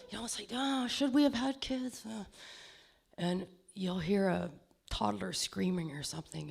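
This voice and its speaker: A woman's voice: fairly low pitch, gravelly. A middle-aged woman with a lisp doing a self-deprecating stand-up comedy set on stage, laughing at her own jokes. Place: small comedy stage before an audience.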